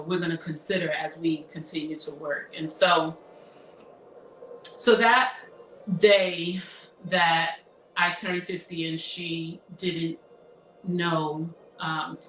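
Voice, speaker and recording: Speaking emotionally and reflectively, a woman in her fifties who works as a therapist shares something personal, frequently stopping and restarting. Her voice sits low yet has a bright, forward tone. The room is echoey, she is somewhat distant from the mic, and faint noise hisses underneath.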